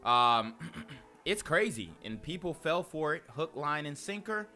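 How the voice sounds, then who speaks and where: A man's voice: on the high side, big pitch swings, measured pace, sharp tone. A young man hosting casual reaction commentary, slangy and often laughing. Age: young adult. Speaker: commentary host.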